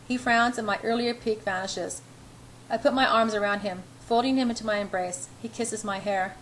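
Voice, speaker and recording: A woman's voice: a little high, steady tone, moderate pace, a bit bright, slight background noise, low-quality recording. A woman reading a novel in the first person, narrating her inner thoughts wryly, with small restarts. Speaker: audiobook reader.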